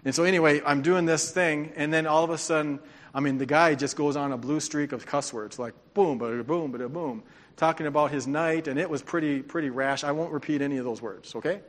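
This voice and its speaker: Higher-voiced pastor preaching in a reverberant hall. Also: male voice, brisk. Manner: storytelling, calls for congregation responses. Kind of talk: sermon.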